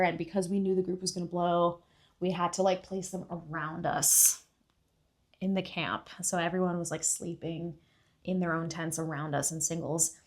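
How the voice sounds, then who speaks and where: Low-voiced young woman telling a story. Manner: rambling, lots of "like" fillers, drops to a hush then bursts loud. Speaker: podcast guest. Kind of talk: casual storytelling chat.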